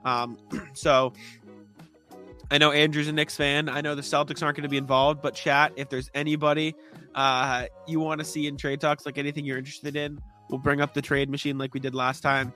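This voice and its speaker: Sniffly man with a halting, throat-clearing delivery. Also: a little high, little pitch movement, pushed and bright, soft background music. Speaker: co-host of a sports talk stream. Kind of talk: casual sports chat.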